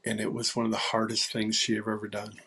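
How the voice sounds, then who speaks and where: A man in his sixties, a songwriter guest, telling stories in a casual interview, halting with fillers and dropping to a whisper for quoted lines. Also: lowish voice, monotone, vocal fry, pushed and bright, breathy edge. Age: 60s.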